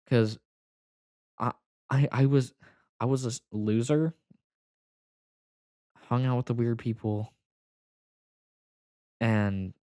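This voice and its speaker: A young man telling a personal story to the camera, halting and full of fillers, close to tears at times. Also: lowish voice, darkish tone, no room sound. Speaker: vlogger.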